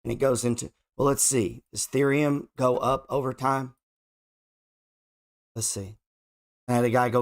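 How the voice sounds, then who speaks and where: A man's voice: mid-range voice, fairly even intonation, moderate pace, long pauses. Sarcastic, swearing man talking charts. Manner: sarcastic and profane, thinking aloud. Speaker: trading show host. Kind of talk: casual market commentary while scrolling charts.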